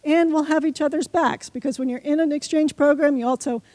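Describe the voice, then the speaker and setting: High-voiced woman leading a crowd game. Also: steady tone, brisk, a little mellow, no echo. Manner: playful, coaxing the crowd. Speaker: conference speaker. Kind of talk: short conference talk leading audience improv game. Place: conference hall stage.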